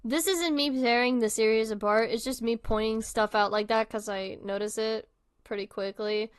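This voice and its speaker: A woman's voice: on the high side, steady tone, normal speed, clean tone. A woman hosting a livestream, giving casual, rambling reaction commentary full of fillers into a close microphone. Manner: chatty and rambling, many fillers. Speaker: livestream host.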